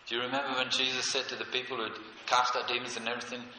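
An older man preaching a sermon, earnest and emphatic, often slowing down to stress a point. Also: medium pitch, flat delivery, sharp tone, slight background noise. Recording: echoey hall, heard from a distance.

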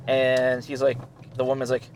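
A man's voice: normal speed, slight background noise. A young adult man chatting casually, retelling stories and acting out quotes with laughter. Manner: animated storyteller, acts out quotes with rising pitch and laughter.

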